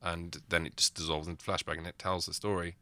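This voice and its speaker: A man co-hosting a casual film review chat, animated and laughing as he pokes fun at the movie. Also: low-pitched, fast talker, smooth, dry recording. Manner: animated, laughs while mocking accents. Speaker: film podcast co-host.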